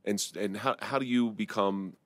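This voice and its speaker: A man's voice: lowish voice, normal speed, no echo. A man hosting a podcast, asking questions and cutting in with jokes. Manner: jokey, asks questions, jumps in. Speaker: podcast host. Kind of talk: casual interview chat.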